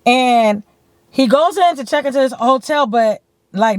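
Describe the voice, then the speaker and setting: A woman from California telling a story to her camera in a blunt, animated way, swearing freely and saying "like" often. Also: a little high, normal speed, no echo. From San Bernardino, California. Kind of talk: casual storytime. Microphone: camera mic.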